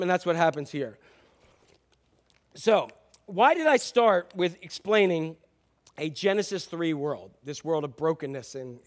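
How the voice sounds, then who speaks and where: A male pastor giving a sermon in an informal, chatty way, full of fillers and joking asides. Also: sits high.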